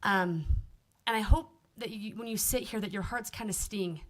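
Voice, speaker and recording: A woman with a mid-pitched voice speaks at a podium microphone in a council chamber. She makes a steady, earnest appeal, with the occasional filler. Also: moderate pace. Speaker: resident giving public comment. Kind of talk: public comment at a council meeting.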